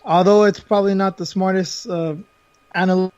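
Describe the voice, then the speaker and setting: Calling in remotely to a panel, a man rambles through casual fight analysis, packed with fillers and restarts. His high-pitched voice is fairly even, normal in speed, slightly mellow, clear and resonant, though the call audio sounds dull, dry, and lo-fi with no echo.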